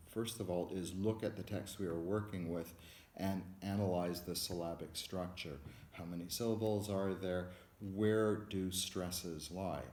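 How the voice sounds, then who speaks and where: A man with a very low voice gives a patient, measured music theory lecture. His voice rings around a reverberant room with a board. A faint hiss runs underneath. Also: darkish tone. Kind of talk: recorded lecture.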